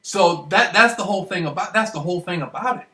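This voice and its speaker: A vlogger from Michigan in the United States rambles excitedly straight to the camera in a high, bright, forceful voice, talking quickly and repeating himself. He keeps asking "you know what I mean" to check that you follow. He's far from the mic in a strongly echoing room.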